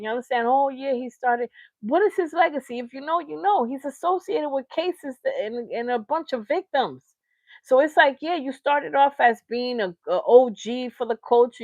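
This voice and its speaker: A woman's voice: fairly high pitch, dry recording, highs cut off. Heated, slangy woman ranting on stream. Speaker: reaction show host. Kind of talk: livestream commentary rant.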